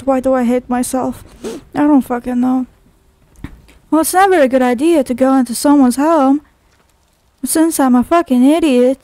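A woman's voice: sits high, darkish tone, dry recording. A woman playing a horror game, swearing constantly and talking to herself, easily startled. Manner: jumpy, heavily profane, talks to herself. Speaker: game streamer. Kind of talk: horror game let's play commentary.

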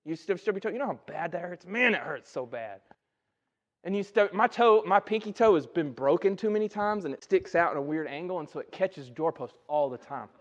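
In a church sanctuary, a male pastor delivers a conversational sermon, repeatedly asking "right?" to check in with listeners. His high voice is animated and a little fast, with few pauses, and the recording sounds muffled.

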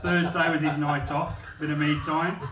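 A man's voice: a little high, level tone, normal speed. A male stand-up comedian telling cheeky, crude, self-mocking stories on a comedy club stage. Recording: echoey club from far off, audience noise.

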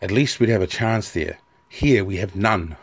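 A man's voice: fairly low pitch, normal speed, breathy edge. A man voicing a bitter, resentful Legion officer who sneers at nobles and kings.

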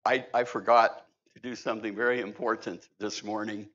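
A lowish, fairly flat voice with a bit of brightness carries this middle-aged pastor's sermon at normal speed. He's conversational and humorous in the church sanctuary, and the recording is slightly dull and lo-fi.

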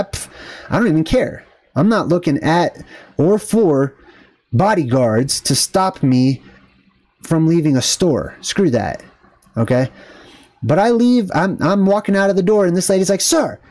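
A man's voice: fairly high pitch, darkish tone. A man vlogging, telling a story in an indignant, rambling rant full of fillers and asides. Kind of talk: casual ranting storytelling.

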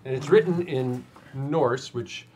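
A man's voice: medium pitch, slow pace, darkish tone, a little hiss or hum. A man narrating as game master for a tabletop game, describing scenes and calling on players in turn.

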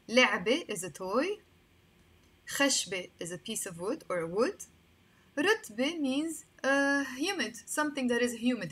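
Woman, Lebanese accent, higher-pitched voice, patient teacher, repeats each word, casual lesson. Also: fairly bright tone, breathy edge. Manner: explains patiently, repeats words for practice. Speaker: language teacher. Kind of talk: casual online language lesson.

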